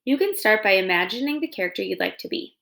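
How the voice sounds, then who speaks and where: A woman's voice: mid-range voice, lively intonation, fast talker, vocal fry, a bit bright. A woman reading a children's novel aloud, voicing a chatty, theatrical female possum who gushes about acting. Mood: eager. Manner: dramatic, gushing, eager to please.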